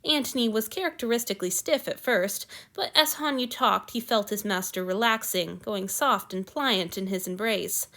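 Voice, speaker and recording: A woman narrating a fan fiction story aloud with a steady, expressive reading. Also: mid-range voice, normal speed, few pauses. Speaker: story reader.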